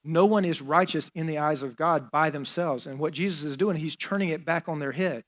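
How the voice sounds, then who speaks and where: A man's voice: on the high side, brisk. Conversational male pastor preaching. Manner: conversational preaching with fillers and acted-out quotes. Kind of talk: sermon.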